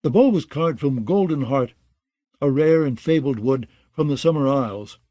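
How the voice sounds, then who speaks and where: A man narrating a fantasy audiobook in a steady, even reading style. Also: mid-range voice, normal speed, no room sound.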